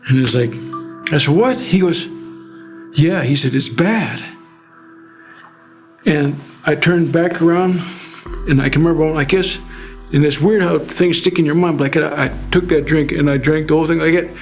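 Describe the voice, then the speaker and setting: Middle-aged man from Alaska, interview guest, rambling personal testimony, slightly high voice. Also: steady tone, brisk, soft background music. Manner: rambling storytelling with many fillers.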